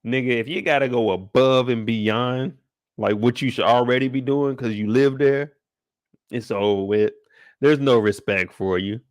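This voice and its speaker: A young man riffing through a live after-show breakdown in loose, slangy talk, cracking jokes and calling out the characters by name. His voice is pitched in an ordinary middle range. It sounds dry and close, with almost no room echo. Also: measured pace. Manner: slangy, joking, talks straight to the characters. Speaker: TV recap host.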